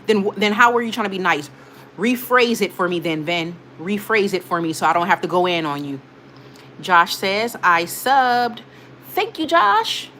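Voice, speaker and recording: A woman talks straight to her live-stream viewers and reads their comments aloud. She scolds trolls emphatically and hammers her points home by repeating them. Her voice sits at an everyday pitch, with a faint hiss in the background. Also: big pitch swings, normal speed, sharp tone. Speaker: livestream host.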